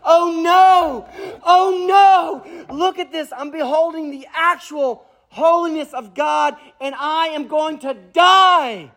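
A man's voice: very high-pitched, slow pace, fairly bright tone, voice pushed up, heavily acted. A man voicing a terrified male prophet who wails and pleads in frantic repeated cries. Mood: despairing.

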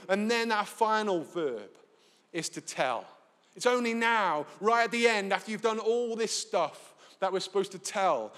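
Male preacher, Northern English accent, higher voice, lively storyteller, recorded live in a big reverberant church. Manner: lively storytelling, acts out dialogue. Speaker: pastor. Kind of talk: sermon with anecdotes. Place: large church hall, live. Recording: long hall reverb.

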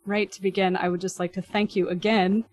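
A middle-aged woman hosts a podcast conversation. She introduces her guest and asks questions in a careful, thoughtful way, pausing with the odd um and restart. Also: medium pitch, flat delivery, no echo. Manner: warm, careful speech with fillers and restarts. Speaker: podcast co-host and interviewer. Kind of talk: podcast interview.

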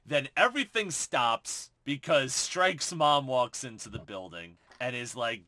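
A man co-hosting a podcast, casually recapping a movie with profane, animated retellings of scenes and quoted lines. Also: mid-range voice, measured pace, few pauses. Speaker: podcast co-host. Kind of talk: casual film recap chat.

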